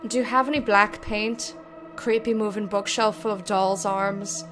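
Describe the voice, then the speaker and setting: A young woman streams a game and chats casually with viewers, joking with chat and swearing freely as she plays. Her mid-range voice has fairly even intonation and a measured pace. She uses a desk mic with headphones, with music in the background.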